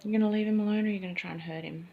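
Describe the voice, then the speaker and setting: A woman's voice: mid-range voice, steady tone, rapid-fire, phone-quality sound. A woman filming a casual home vlog, chatting and cooing baby talk to her pet birds. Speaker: pet bird owner vlogger. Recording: loud background noise, clicks.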